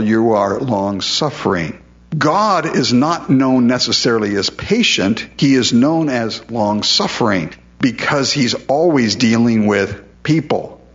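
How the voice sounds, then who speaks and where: A man's voice: medium pitch, a bit bright, lo-fi sound. A male pastor preaching a sermon in a conversational way, often repeating words as he stresses a point.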